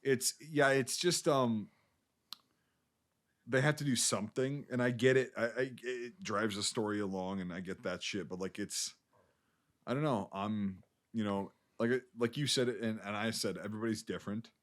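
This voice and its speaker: A man's voice: fairly low pitch, moderate pace. Casual swearing man. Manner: loose, rambling, swears casually, many fillers. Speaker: podcast co-host. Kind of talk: casual film review chat.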